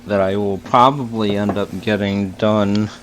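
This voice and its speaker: Male developer, low pitch, very slow explanatory delivery, faint noise. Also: fairly even intonation. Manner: unhurried, explanatory, throat-clearing. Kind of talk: casual chat.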